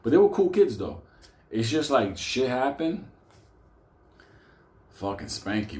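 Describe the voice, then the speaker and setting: A man's voice: medium pitch, very animated, slow pace, dark tone. A man telling a story casually, rambling, laughing and swearing a lot. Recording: roomy echo.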